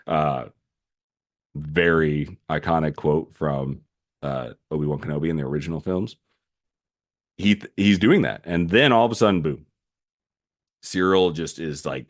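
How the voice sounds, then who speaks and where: A deep-voiced man hosts a solo podcast, walking through a show's story with lively enthusiasm. He talks loosely, with plenty of fillers and restarts along the way. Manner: animated recap with frequent fillers. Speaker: podcast host.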